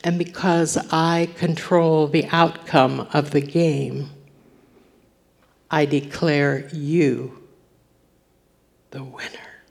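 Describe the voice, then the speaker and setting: A woman voicing a gentle, proud heavenly father in a reverent whisper. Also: deep voice, fairly even intonation, extremely slow, vocal fry, long pauses, heavily acted. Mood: tender.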